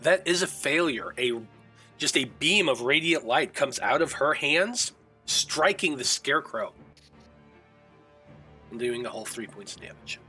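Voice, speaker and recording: A man's voice: medium pitch, lively intonation, measured pace, pauses often, sharp tone, soft background music, low-quality recording. A man narrating as game master of a tabletop game in a casual, hesitant way with fillers.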